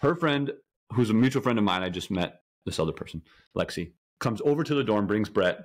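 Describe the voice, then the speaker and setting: A young man from Colorado, a guest telling how he met his wife in an animated, casual way, often checking in with "okay?". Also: fairly low pitch, fairly quick. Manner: animated, keeps asking "okay?". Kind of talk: casual storytelling.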